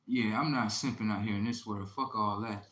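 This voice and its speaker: A man's voice: lowish voice, steady tone, normal speed, a bit bright. A man in his thirties telling a crude story in a brash, profane monologue, often checking in with "right?". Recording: echoey room.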